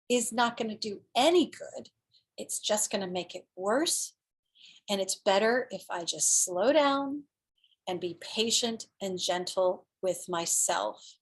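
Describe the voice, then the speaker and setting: A woman hosting a live self-help show, talking casually as an inner-work coach in an earnest, animated way, laughing often and acting out her inner voices. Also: medium pitch, takes it slowly.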